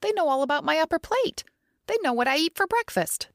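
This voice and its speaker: A woman's voice: mid-range voice, expressive, no room sound, clean studio sound, natural voice. A woman voicing a nervous, chatty female lab worker who gossips and snaps, in a storybook reading. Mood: indignant. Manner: jittery, gossipy, quick to snap.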